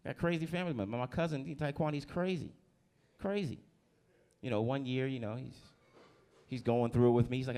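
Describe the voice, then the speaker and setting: A mellow, mid-range voice belongs to a New Jersey comic doing stand-up at a club, speaking a little fast. He keeps it loose and conversational while ribbing the audience.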